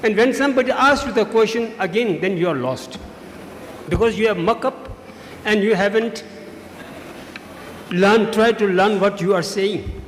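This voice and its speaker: A high-voiced man lectures students on debating as a judge. He drives his points home with steady repetition. His voice carries through a large, echoing school hall with a long reverb tail. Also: normal speed, long pauses, slight background noise. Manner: instructive, emphatic, repeats key points. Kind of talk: feedback speech to students. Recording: echoey hall, faint ambience.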